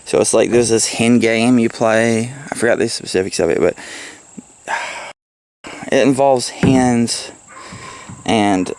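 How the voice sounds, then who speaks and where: Rambling, gravelly man chatting about a book. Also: mid-range voice, steady tone, slow, pauses often, darkish tone, no room sound. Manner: rambling, profane, laughs at own jokes. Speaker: book reviewer. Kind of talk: casual rambling book report. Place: at home, with pets around.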